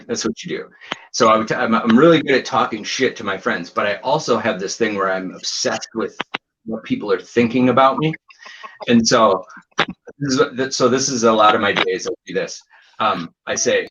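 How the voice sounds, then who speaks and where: A man's voice: medium pitch, a bit bright, highs cut off, slight background noise. A man doing a casual stand-up set over a home video call, rambling and self-deprecating with lots of fillers and restarts. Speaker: stand-up comedian.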